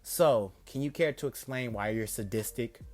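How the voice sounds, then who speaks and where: A man voicing a cocky young male ninja fighter who taunts his opponent in a low, offhand way. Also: moderate pace, darkish tone, soft background music, natural voice. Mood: cocky taunting.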